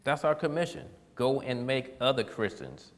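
A man preaching a casual, folksy sermon, animated and quick to laugh at his own points. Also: medium pitch, long reverb tail.

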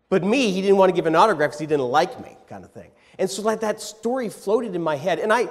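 A man preaching a sermon, telling a personal story with lively, repeated restarts, then leading a prayer. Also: fairly high pitch. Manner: animated storyteller who repeats words as he starts phrases. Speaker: pastor. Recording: long hall reverb.

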